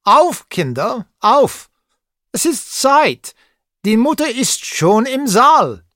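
A man voicing a cheerful, kindly German male tutor in a storybook reading, calling out loud and slow. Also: high-pitched, very animated, no room sound, studio quality, voice pushed up, heavily acted. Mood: cheerful rousing.

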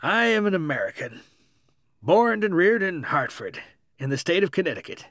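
A man's voice: high voice, very animated, moderate pace, fairly bright tone, dry recording, clean studio sound, pitched above the performer's own voice, full character voice. A man reading a story, voicing a practical, boastful Yankee mechanic who talks in a folksy, plain-spoken way.

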